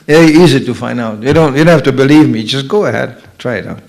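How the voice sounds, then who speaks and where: A man's voice: mid-range voice, fast talker, creaky, darkish tone. An older man teaching as a spiritual lecturer, giving a humorous sermon and acting out the voices he quotes. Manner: jokey, acts out quoted voices.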